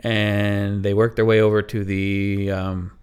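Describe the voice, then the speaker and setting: A man's voice: lowish voice, flat delivery, slow pace, darkish tone, smooth. A man co-hosting a podcast, improvising a bedtime story with hesitant, rambling asides and dry humor. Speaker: podcast co-host.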